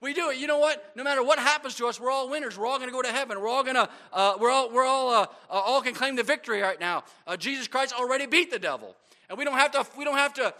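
A man's voice: extremely high pitch, pushed and bright. A man preaching a sermon as pastor, with frequent amens and repeated stumbles on words.

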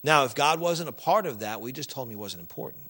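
A man preaching a sermon as pastor, swinging from loud exhortation to quiet earnest asides and acting out objections from the pews. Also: lively intonation, quick pace. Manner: acts out congregation objections in a higher voice.

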